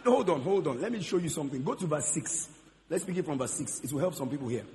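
A man's voice: fairly high pitch, lively intonation, fast, darkish tone, a little hiss or hum. A man preaching a sermon, quizzing the congregation and repeating key phrases. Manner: call-and-response questioning, repeats key phrases. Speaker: pastor. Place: large church hall. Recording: long church hall reverb.

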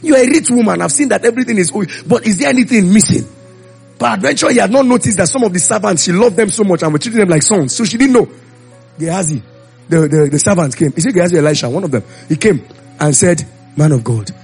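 Gravelly preacher telling stories. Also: male voice, high-pitched, brisk, soft background music. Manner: animated storytelling, acting out voices. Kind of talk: sermon.

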